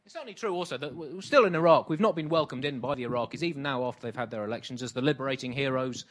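A man performing deadpan satirical comedy, with a faux-serious tone and hesitant fillers. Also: medium pitch, racing. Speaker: comedy double act partner.

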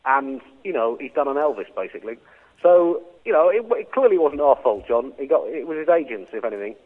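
A man co-hosting a comedy podcast, delivering absurd jokes deadpan with frequent chuckles. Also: mid-range voice, a little fast. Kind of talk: comic monologue and banter. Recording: phone-like narrow band.

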